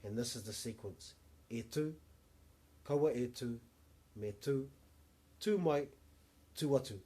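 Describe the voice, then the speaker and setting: A man's voice: medium pitch, slow, dark tone. A man teaching a language lesson, patiently modelling short phrases and repeating them.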